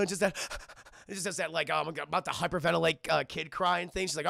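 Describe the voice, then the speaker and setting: A man recaps a film live for his chat, cursing and rambling as he goes. His voice sits high with a heavy crackly fry and a bright, forward edge. The sound is dry and close to the mic. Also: steady tone, quick pace, dry recording. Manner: rambling, profane, addresses chat constantly. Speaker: film review streamer.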